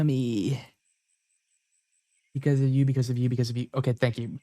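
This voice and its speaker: A man's voice: mid-range voice, level tone, normal speed, long pauses, warm tone, no room sound. A man streaming a video game, reading the text aloud and reacting with emotional, swear-filled commentary. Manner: emotional, sweary, swings from muttering to outbursts. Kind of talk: casual let's-play commentary and reading.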